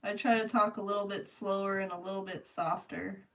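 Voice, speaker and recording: Painting on a live stream, a woman chats casually with her viewers, answering them by name and laughing often. Her medium-pitched voice is brisk, flat in delivery and fairly bright. She sounds a bit distant from the mic.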